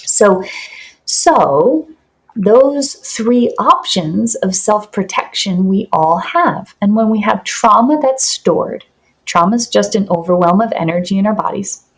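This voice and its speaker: A woman guest on a podcast, calmly explaining in an earnest, teaching way with vivid examples. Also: mid-range voice, takes it slowly. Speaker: podcast guest, somatic practitioner.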